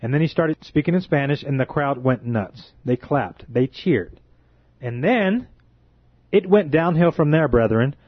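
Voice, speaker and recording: Indignant preacher guy, kinda high voice, slow heavy emphasis, dull dry recording. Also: expressive, slightly rough, no echo. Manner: impassioned, indignant, drawn-out emphatic phrases. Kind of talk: fervent preaching monologue.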